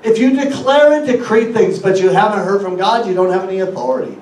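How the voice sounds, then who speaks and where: A man's voice: high voice, brisk, a little mellow, roomy sound. Man, guest preacher, sermon, rhetorical questions, distant mic, faint background hiss. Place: church hall.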